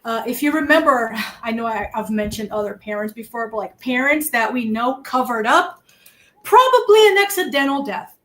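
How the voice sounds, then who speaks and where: A woman with a Massachusetts accent chatting about a true-crime case, animated and worked up, swearing at times. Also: a little high, moderate pace. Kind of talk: casual true-crime chat.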